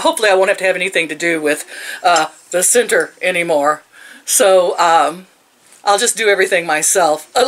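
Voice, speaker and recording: A woman's voice: lowish voice, fairly bright tone. Sarcastic woman in her sixties. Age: 60s. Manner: sarcastic, laughs often. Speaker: vlogger. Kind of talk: casual storytelling rant.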